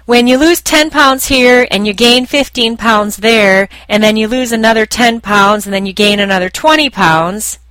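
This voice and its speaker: A woman's voice: on the high side, normal speed, few pauses, fairly bright tone, no echo. Emphatic woman hosting a coaching podcast. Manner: emphatic, repetitive, direct to listener. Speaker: podcast host and weight loss coach. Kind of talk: scripted podcast monologue.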